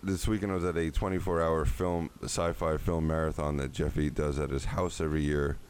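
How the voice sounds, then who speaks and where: A man's voice: very deep voice, little pitch movement, fairly quick, a little mellow, slight background noise. A man hosting a podcast, chatting casually and joking in a rambling, tired way. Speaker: podcast host. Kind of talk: casual chat.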